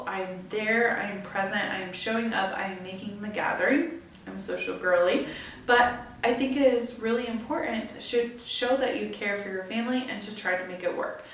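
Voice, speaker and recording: A woman's voice: mid-range voice, fairly bright tone. A young woman hosting a podcast, chatting casually and filling her talk with "like" and "right?". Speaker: podcast host. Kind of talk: casual solo chat. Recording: very echoey room, far from mic.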